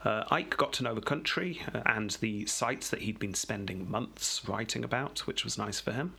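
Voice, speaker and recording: English male podcast host, slightly low and husky, joking storyteller. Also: moderate pace, pushed and bright. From England. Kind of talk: casual history chat.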